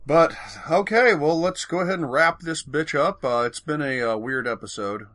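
A man hosting a podcast in casual banter, swearing freely, excitable, with loud outbursts. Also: on the high side, moderate pace. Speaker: podcast host.

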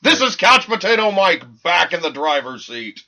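A man's voice: high-pitched, sing-song, moderate pace, pushed and bright. A man co-hosting a casual podcast, ranting in a profane, rambling way. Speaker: podcast co-host.

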